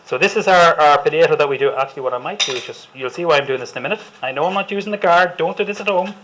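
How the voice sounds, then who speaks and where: An enthusiastic Irish chef talks an audience through a cooking demonstration, chatty and full of jokes. His voice sits a little high for a man. A faint hiss of noise stays under the live room. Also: very fast. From Ireland.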